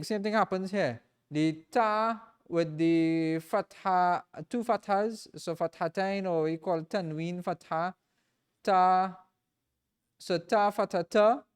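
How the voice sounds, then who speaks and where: A man teaching a reading class in a mosque, patiently repeating and drilling each sound slowly for his students. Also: high-pitched, smooth. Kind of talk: classroom lesson.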